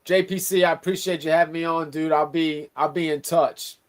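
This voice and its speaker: A man's voice: a little high, steady tone, fairly quick. Easygoing man from Louisiana. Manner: laid-back, agreeable, profane. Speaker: guest. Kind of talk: casual sports talk stream.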